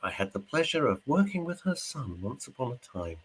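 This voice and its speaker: Man, middle-aged, radio host, chatty, rambling, lively pitch, slightly husky. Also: a little fast. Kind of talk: casual chat reading listener messages. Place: studio.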